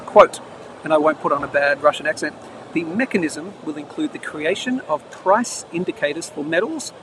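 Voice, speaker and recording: A man's voice: on the high side, brisk. A man hosting a live bullion market show, reading news aloud with chatty asides, recorded outdoors. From Australia. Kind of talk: casual live-stream chat and news reading. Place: outdoors near traffic, between trains. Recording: noisy outdoor live stream.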